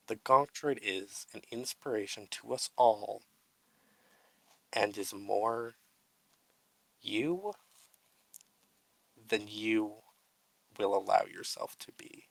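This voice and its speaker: A man's voice: on the low side, fairly even intonation, takes it slowly, gravelly, pauses often, dry recording, poor audio. A man co-hosting a casual, unedited podcast chat. He swears freely, laughs at himself and launches into mock-grandiose tributes. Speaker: podcast co-host.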